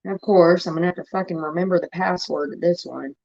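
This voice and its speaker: A woman's voice: on the low side, quick pace, vocal fry, darkish tone. A woman hosting a livestream in casual chat, blunt and profane, irritated with her moderators. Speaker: livestream host. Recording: dull lo-fi stream audio.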